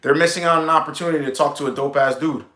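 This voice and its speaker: Guy with a high bright voice giving blunt dating advice, echoey room. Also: steady tone, rapid-fire. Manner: blunt, emphatic, calls listeners bro. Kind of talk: casual advice monologue.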